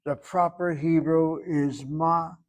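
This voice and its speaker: A man with a somewhat high-pitched voice leads a Hebrew grammar lesson in a classroom. He explains slowly and deliberately, lingering over pronunciations with a dry, self-assured tone. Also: fairly even intonation, darkish tone. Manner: slow, explaining, drawn-out pronunciations. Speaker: Hebrew teacher.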